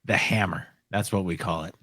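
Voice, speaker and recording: A man's voice: low voice, fairly even intonation, moderate pace, bright, forceful tone, slightly rough, no room sound, studio quality. A man playing a tabletop game, coaching a fellow player in short, punchy phrases. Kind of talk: casual tabletop play.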